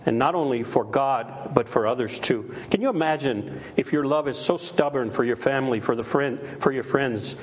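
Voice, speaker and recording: A man's voice: mid-range voice, moderate pace, hardly any pauses. A middle-aged man preaching a sermon with emphasis, repeating key phrases and acting out quoted voices. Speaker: pastor.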